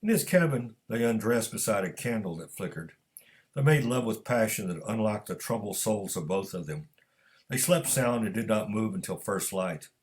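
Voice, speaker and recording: Low-voiced man as narrator, measured storyteller. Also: animated. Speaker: author reading his own fiction. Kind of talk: scripted narration.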